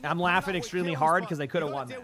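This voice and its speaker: A man co-casting a pro match on stream, rattling off play-by-play in a rapid auctioneer-like patter. His voice sits a little high for a man and he barely pauses between thoughts. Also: over a noisy crowd. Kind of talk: live esports watch-along commentary.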